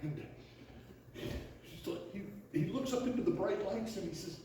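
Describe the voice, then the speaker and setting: A man playing a chatty, animated fishing buddy. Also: high voice, moderate pace. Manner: animated, hesitant with fillers and restarts. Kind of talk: stage play acting. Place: theater stage. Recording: echoey hall, far from mic, faint noise.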